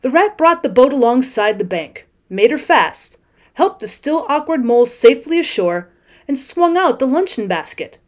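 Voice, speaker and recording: A woman teacher reads a classic children's story aloud, steady and clear. Her voice is somewhat high, and the pacing is even. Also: moderate pace. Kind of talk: audiobook narration of a classic.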